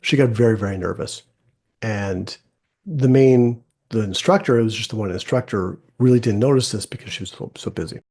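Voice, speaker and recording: Middle-aged male podcast host, husky gravelly voice, casual storyteller. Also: lowish voice, fairly quick, a little mellow. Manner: conversational, retells quoted dialogue with restarts.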